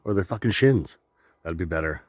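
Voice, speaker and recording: A man rambling through a loose, profane solo monologue, cracking himself up as he goes. His pitch swings widely and lively. The sound is dry and close to the mic. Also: brisk, no room sound. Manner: joking, profane, laughs often. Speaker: vlogger.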